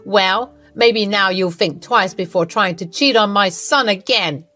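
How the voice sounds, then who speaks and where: A woman's voice: mid-range voice, a little slow, pushed and bright. A smug, spiteful older mother-in-law, as a woman narrator puts her on, gloating in a slightly raised voice. She speaks her lines as a storybook character, and faint music runs behind her.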